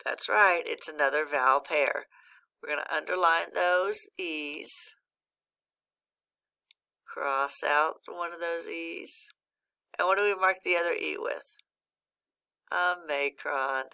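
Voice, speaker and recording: A woman phonics teacher speaking slowly and patiently to young learners, leaving gaps for their answers. Her voice is low with a gravelly edge and a bright tone. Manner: patient, encouraging, pauses for student answers. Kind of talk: recorded phonics lesson.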